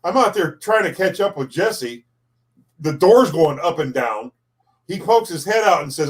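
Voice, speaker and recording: A man's voice: fairly high pitch, expressive, a little slow. Man telling a dry, matter-of-fact story. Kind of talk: casual live-stream chat.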